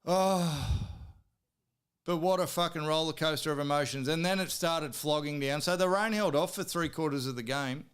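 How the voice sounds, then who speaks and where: A high-voiced Australian man rants about sport on his podcast. His voice is smooth and clear, even as he swears hard and now and then shouts. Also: normal speed. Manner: heated, swearing, sometimes shouting. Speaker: podcast host. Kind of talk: profane sports rant.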